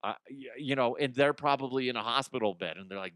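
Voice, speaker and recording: A man's voice: medium pitch, quick pace, fairly bright tone, clean tone, no echo, clean studio sound. A man hosting a comedy news show, ranting casually and profanely, rambling and acting out imagined people.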